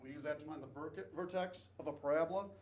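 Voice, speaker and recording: A man's voice: fairly high pitch, fast talker, a little mellow. A male math teacher lecturing a class, repeating key points and checking in with "okay?". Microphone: distant camera mic. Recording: echoey classroom from far off, faint noise.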